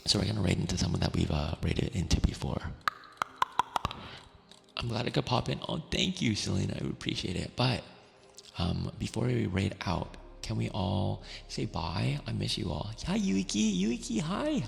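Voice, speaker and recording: At a moderate pace, this deep-voiced, gravelly man gently signs off his ASMR stream, alternating soft whispers with hushed talk. Warm and easygoing, he chuckles frequently. His words carry a long reverb tail over quiet background music.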